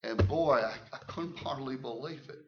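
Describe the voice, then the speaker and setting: An older man preaching his testimony in church, emphatic and folksy, repeating words and swinging from hushed tones to loud shouts. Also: medium pitch, normal speed, background noise. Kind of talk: sermon testimony. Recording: muffled lo-fi recording.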